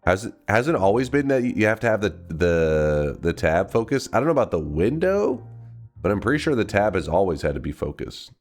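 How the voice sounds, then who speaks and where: A man's voice: lowish voice, very animated, a little fast, faint music behind. A man from Texas, a game streamer with a stuffed-up nose, chatting casually on a livestream in a rambling, swearing way. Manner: rambling, swearing, laughing to himself.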